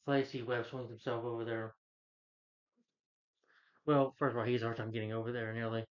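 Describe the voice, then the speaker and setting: A man giving a casual, rambling movie review, retelling the plot with many fillers and putting on higher voices for the characters. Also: little pitch movement, a little fast, lo-fi sound. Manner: loose, filler-heavy retelling that jumps up in pitch for quoted characters.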